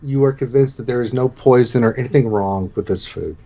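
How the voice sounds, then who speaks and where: A man's voice: mid-range voice, a little fast, warm tone. A man narrating as game master of a tabletop game, casual and chuckling. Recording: dull lo-fi recording.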